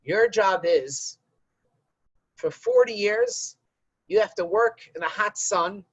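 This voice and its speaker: Here is God as a generous, easygoing creator in a spoken parable, as a man puts him on. The voice jumps around in pitch and has a gravelly edge. It sounds dry and a little dull, like a lo-fi recording. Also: wildly swooping pitch, slow pace, no room sound, exaggerated voice. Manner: easygoing, bargaining tone. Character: God, kindly all-giving male creator.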